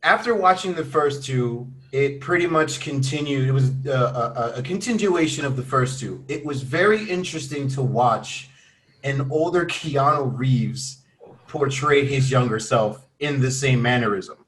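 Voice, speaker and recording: A man's voice: medium pitch, normal speed, fairly bright tone. Easygoing podcast man giving a review. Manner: easygoing, hesitant restarts when giving reviews. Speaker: podcast co-host. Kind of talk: casual chat.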